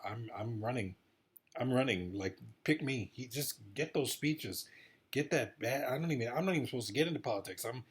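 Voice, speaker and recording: A man giving a rambling, excitable casual monologue about politics, repeating himself often. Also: mid-range voice, husky. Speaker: political commentator vlogger.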